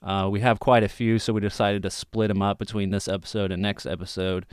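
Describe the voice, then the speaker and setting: A man's voice: fairly low pitch, level tone, brisk, clean tone, no room sound, clean studio sound. A man hosting a podcast in casual chat, easygoing, laughing often and using many fillers. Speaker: podcast host.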